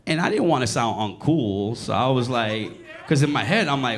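A man in his late forties doing a crude, animated stand-up set in a comedy club, bantering with the audience. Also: medium pitch, moderate pace. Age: 40s.

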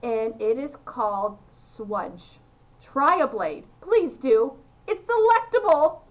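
A woman voicing an eccentric, excitable male candy maker who talks in an eager, showy, coaxing way while reading a children's storybook aloud. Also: a little high, measured pace, far from the mic, poor audio. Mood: eager showman.

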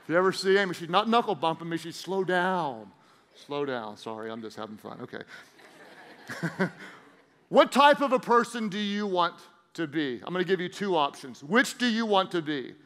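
A middle-aged pastor preaching to his congregation with a high, ringing voice. He swings between booming emphasis and hushed asides, and his words trail off into the long reverb of a large church hall. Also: sing-song, a little fast, a little hiss or hum. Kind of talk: sermon.

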